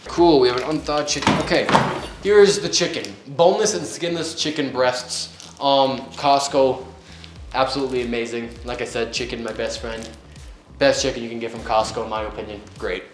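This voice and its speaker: A man's voice: mid-range voice, fairly even intonation, normal speed, background noise. Joking young man cooking in an echoey kitchen. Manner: chatty and joking, yelps from onion tears. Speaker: home cook. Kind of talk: casual cooking vlog. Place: home kitchen. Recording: echoey room, faint music.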